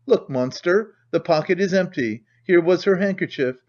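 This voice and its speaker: A man's voice: moderate pace, darkish tone. A man reading an audiobook voices a hysterical, frantic widow who shrieks accusations. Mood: frenzied. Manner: shrill, frenzied, accusing. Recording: dull lo-fi recording.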